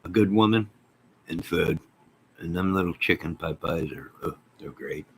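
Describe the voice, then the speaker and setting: A man hosting his own channel, chatting casually to his viewers on a live stream in an excitable, folksy, rambling way. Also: low voice, normal speed, gravelly, slight background noise, rough recording. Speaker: channel host.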